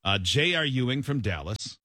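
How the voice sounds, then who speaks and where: A sarcastic man chatting on a casual show, his husky voice bright and lively as it rises and falls. He sounds close and dry, with no room around him. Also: medium pitch, moderate pace, no echo. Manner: dry, sarcastic quiz-master. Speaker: podcast co-host. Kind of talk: casual chat.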